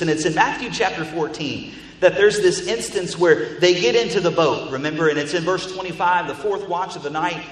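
A man's voice: sits high, fairly bright tone, slight background noise. A man preaching a sermon as pastor, emphatic and repeating phrases for stress. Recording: echoey hall reverb, faint ambience.

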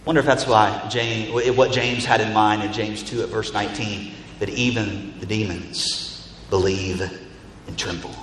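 A man's voice: on the low side, fairly even intonation, unhurried, a bit bright, a little hiss or hum. A man preaching a sermon as pastor, emphatic and repeating phrases for stress. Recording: echoey hall reverb, faint ambience.

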